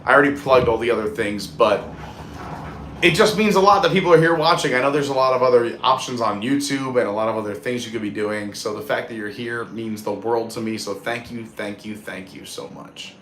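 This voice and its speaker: A man's voice: mid-range voice, brisk, fairly bright tone, echoey room, a little hiss or hum. A man in his thirties hosting a live stream, signing off in an earnest, heartfelt, rambling way, recorded on a phone outdoors at a theme park. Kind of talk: casual live stream sign-off.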